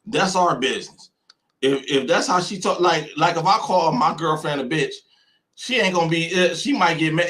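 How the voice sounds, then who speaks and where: A man's voice: on the high side, a bit bright. An American man hosting a live stream, talking in an emphatic, repetitive way and acting out other people's voices. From United States. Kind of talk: heated opinion talk on a live stream.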